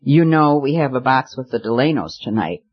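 Spoiled bored rich girl, man reading her, careless and snippy, bit muffled sound, medium pitch. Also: lively intonation, moderate pace, husky. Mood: petulant. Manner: careless, petulant, impatient. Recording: slightly muffled recording.

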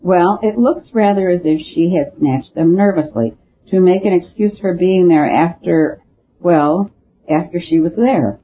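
Audiobook priest-sleuth: a small, careful, musing man, read by a male narrator, a touch high, faint hiss. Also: measured pace. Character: small, thoughtful male priest detective, quietly curious. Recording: dull lo-fi recording with faint hiss.

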